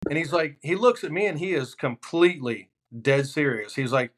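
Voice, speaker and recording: A man guesting on a podcast as a hunting outfitter, telling stories in a relaxed, animated way with deadpan punchlines. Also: a little high, moderate pace. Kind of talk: casual podcast storytelling.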